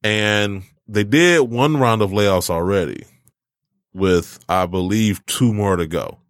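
A man's voice: fairly low pitch, slow, no echo, clean studio sound. A man hosting a sneaker podcast in laid-back, slangy casual chat. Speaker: podcast host.

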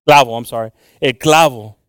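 A male preacher delivering a bilingual sermon, moving from quiet, halting, intimate talk to loud, slow, drawn-out scripture reading. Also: mid-range voice, clean tone, dry recording, studio quality. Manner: halting, with frequent fillers and restarts.

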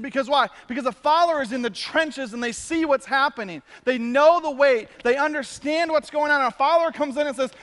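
A man, a pastor, giving a conversational and animated sermon to his congregation. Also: very high-pitched, big-room sound. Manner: conversational, animated preaching with quick asides. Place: church sanctuary.

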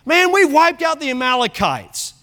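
A male preacher voicing a whiny, defensive king who insists he obeyed, in a squealing high voice. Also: big pitch swings, normal speed, pushed and bright, full character voice. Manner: squealing, high-pitched protest.

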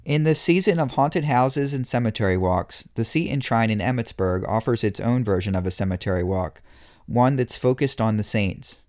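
A man hosting a radio talk show, asking measured, brief questions. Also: medium pitch, a little mellow. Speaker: radio host. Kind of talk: radio interview.

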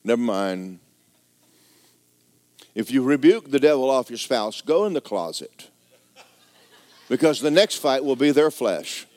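Animated preacher man with a swinging voice. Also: mid-range voice, a little slow, pauses often. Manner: animated, swings between loud exhortation and quiet asides; folksy and joking. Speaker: pastor. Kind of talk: sermon. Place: church.

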